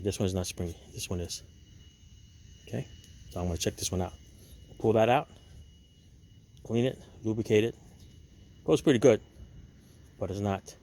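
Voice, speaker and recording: Chatty low-voiced man explaining car repair. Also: a little mellow. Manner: chatty, addresses viewers as "people"; blunt, opinionated advice. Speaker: DIY car repair channel host. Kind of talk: casual how-to walkthrough.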